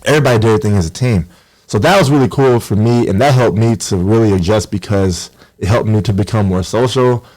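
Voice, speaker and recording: A man's voice: on the low side, fast talker, a little mellow. A man, a professional basketball player guesting on a podcast, telling stories animatedly and acting out voices. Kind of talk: casual storytelling interview.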